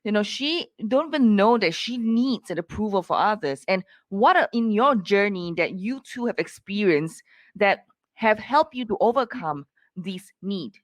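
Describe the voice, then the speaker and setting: A woman's voice: medium pitch, lively intonation, normal speed, dry recording. Woman host with a dry, close sound. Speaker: podcast host. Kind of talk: interview questions.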